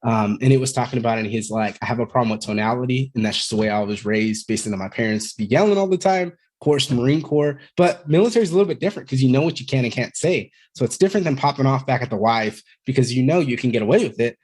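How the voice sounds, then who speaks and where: A man's voice: medium pitch, animated, fast, hardly any pauses, a little mellow. A man in his thirties, a podcast guest who talks candidly and at length, rambling a bit and swearing freely. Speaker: podcast guest, Marine veteran. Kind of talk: casual conversational storytelling.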